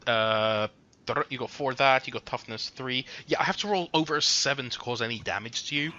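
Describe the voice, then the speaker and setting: A man with a bright, forceful voice serves as game master, narrating the fight in a casual, chatty way. The recording sounds dull and lo-fi. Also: mid-range voice, brisk. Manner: casual, chatty, hums while looking up rules.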